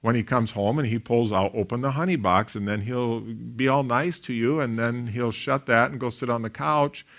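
A man, a pastor, preaching a sermon in an animated storytelling way, with big swings in loudness. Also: medium pitch, moderate pace, creaky, few pauses.

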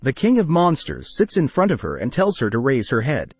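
A man narrating an anime plot recap in a steady, scripted storytelling manner. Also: mid-range voice, a little fast, husky, dry recording. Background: faint music.

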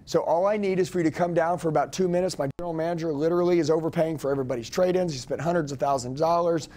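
Forceful man coaching a sales team. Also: a little high, fairly even intonation, racing. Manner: forceful, commanding, repeats lines for emphasis. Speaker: sales trainer. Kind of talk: energetic live sales training.

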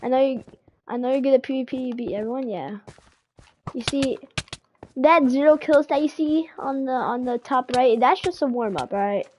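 High-voiced excitable woman game streamer. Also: normal speed, a little hiss or hum. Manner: excitable, rambling, stammers and repeats words. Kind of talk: casual live-stream chat.

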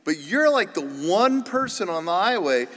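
Priest, man, higher voice, humorous sermon storyteller, reverberant church. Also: big pitch swings, normal speed, fairly bright tone. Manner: chatty and self-deprecating, with many restarts. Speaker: priest giving a parish mission talk.

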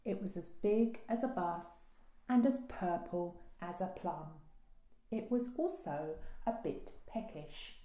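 A woman librarian reading a children's picture book aloud with slow, expressive storytelling. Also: lowish voice. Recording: roomy echo.

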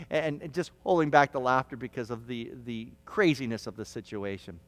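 A man preaching a sermon as pastor, telling stories with restarts and stammers, sometimes shouting quoted lines. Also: mid-range voice, expressive, brisk, hardly any pauses, no room sound, big-room sound. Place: church hall.

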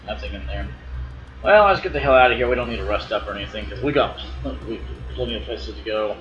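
A man's voice: on the low side, expressive, quick pace, fairly bright tone. A young man giving offhand, rambling commentary while playing a video game. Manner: rambling, offhand, mumbling asides. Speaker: let's play gamer. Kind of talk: casual gameplay commentary. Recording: dull lo-fi with game music.

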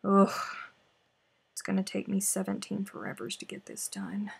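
A woman's voice: medium pitch, big pitch swings, a little fast, vocal fry, a little mellow, slightly rough. A woman hosting a live crochet stream, chatting casually and muttering to herself as she works. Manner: chatty, exclaiming, mutters to herself while working.

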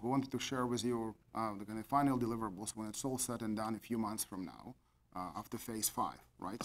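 This is a man walking a board through a formal business presentation. His voice sits at an ordinary middle pitch, and he is methodical, leaning on key words and filling pauses with "uh". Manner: methodical, stresses key words, frequent fillers.

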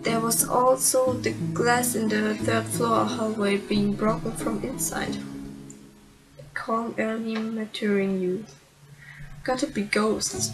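A German-accented woman plays through a game and reads its text aloud at an unhurried pace. Her voice sits a little high, and she stumbles now and then over the lines. Game music runs clearly underneath her. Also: little pitch movement, low-quality recording. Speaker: let's player. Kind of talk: reading game dialogue aloud, switching between English and German remarks. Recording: game music playing behind.

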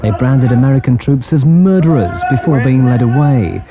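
A man delivering a scripted radio news report in a crisp, formal way. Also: medium pitch, animated, normal speed. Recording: muffled radio report with faint noise.

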